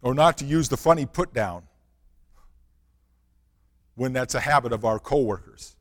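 A man's voice: medium pitch, moderate pace, in a large hall. A man preaching a sermon, reading scripture and asking the congregation earnest rhetorical questions. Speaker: pastor.

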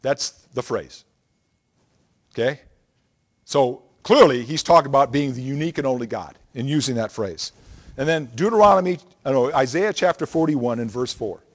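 A man's voice: mid-range voice, lively intonation, normal speed. A man preaching a Bible lesson, explaining scripture in an emphatic, teacherly way and often checking in with the listeners.

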